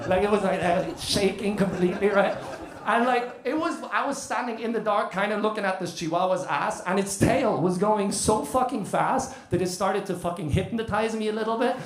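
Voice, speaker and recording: High-voiced British stand-up comedian. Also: male voice, normal speed, echoey room. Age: 30s. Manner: chatty, animated storytelling with crowd work. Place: comedy club stage.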